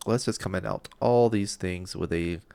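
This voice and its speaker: His voice sits low and mellow with vocal fry, at a normal speed, and the tone is clean with no echo. He's streaming live while coding a game, muttering his thoughts, sometimes whispering, loopy and self-deprecating.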